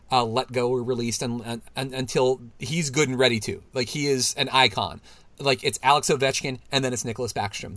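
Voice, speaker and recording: A man co-hosting a podcast in casual chat, animated and laughing often, his voice jumping up when he mimics people. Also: mid-range voice, no echo. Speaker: podcast co-host.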